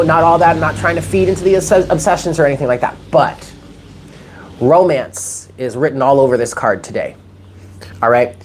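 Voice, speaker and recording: A woman with an unusually deep, low voice hosts a live tarot stream. She chats with viewers, reads their names from the chat and moves into spoken prayers and affirmations. Her tone stays affectionate and conversational throughout. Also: a little mellow. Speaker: tarot reader.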